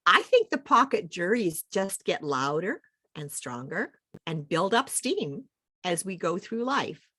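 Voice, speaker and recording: A woman leading a group book discussion, explaining slowly and with emphasis. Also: lowish voice, big pitch swings, bright, forceful tone, no echo. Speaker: discussion leader.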